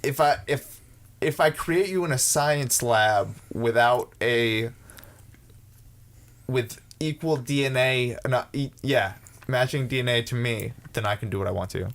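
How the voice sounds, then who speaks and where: A man's voice: medium pitch, unhurried, a bit bright. Crude joking man on a podcast. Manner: crude, joking, talks over others. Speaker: podcast co-host. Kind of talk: casual group chat.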